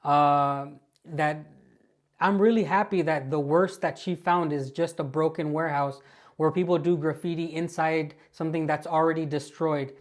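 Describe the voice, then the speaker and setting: A woman's voice: deep voice, fairly even intonation, normal speed. An American woman hosting her channel, talking straight to viewers in amused, mocking commentary on clips. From United States. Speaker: channel host.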